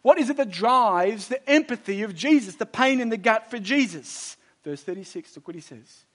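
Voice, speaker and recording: A man preaching a sermon to a congregation, emphatic, moving between loud exhortation, quiet intensity and chatty storytelling asides. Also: sits high, lively intonation, moderate pace.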